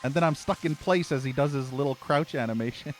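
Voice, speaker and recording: A man at a mid-range pitch rants through his gameplay commentary, cursing freely and sounding exasperated with the game. Soft game music sits faintly behind him. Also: a little fast. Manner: profane, exasperated ranting at the game. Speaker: gaming channel host. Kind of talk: let's play commentary.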